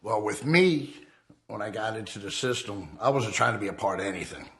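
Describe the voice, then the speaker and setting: Gravelly middle-aged man telling rough stories. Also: animated, a little fast. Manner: profane, blunt, re-enacts heated confrontations with swings in pitch and loudness. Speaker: documentary interviewee recounting his past. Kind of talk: unfiltered storytelling in a fireside chat.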